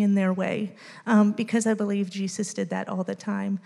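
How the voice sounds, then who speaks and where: A woman in her late 30s, a youth ministry volunteer, gives a church testimony in a large hall. Her medium-pitched voice is gravelly yet warm, with little pitch movement and a moderate pace. She is earnest and says um often, and her emotion rises toward the end.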